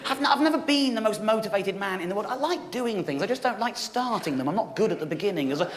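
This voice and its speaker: A man in his thirties doing stand-up, telling a long comic story in a wry, animated way. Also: high voice, fast talker. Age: 30s. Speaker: stand-up comedian. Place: theatre stage. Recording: echoey live venue, faint noise.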